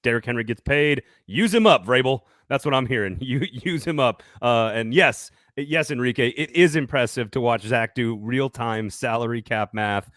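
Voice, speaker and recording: A man hosts a casual sports talk podcast, upbeat and jokey, laughing often and doing sponsor reads. His medium-pitched, fairly bright voice moves at a moderate pace with hardly any pauses, on clean, echo-free studio sound.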